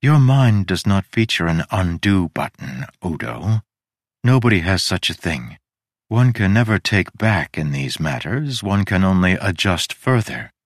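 A man voicing an ageless goddess, measured and faintly wry, in an audiobook reading. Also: low-pitched, sing-song, no room sound, studio quality, exaggerated voice. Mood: wryly patient. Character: ageless woman goddess, cool and frank.

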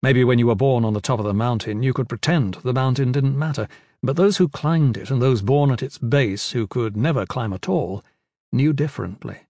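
A man reading fantasy fiction as an audiobook narrator in a measured, steady way. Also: mid-range voice, dry recording, clean studio sound. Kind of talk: scripted narration.

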